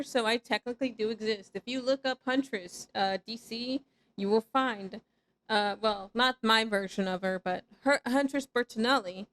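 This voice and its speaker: A woman's voice: fairly high pitch, fairly bright tone, a little hiss or hum. A young woman VTuber chatting casually with her live-stream viewers while gaming, playful and teasing, breaking into squeals and laughter.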